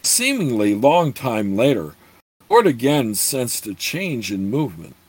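A man's voice: mid-range voice, sing-song, measured pace, husky, no echo. A man reading a fantasy novel aloud in a hesitant way, often stumbling and restarting words. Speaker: narrator.

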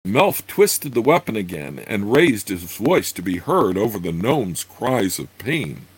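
A man reading a fantasy novel aloud, with unhurried asides full of fillers. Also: on the low side, sing-song, slightly rough, no echo, rough recording. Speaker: reader.

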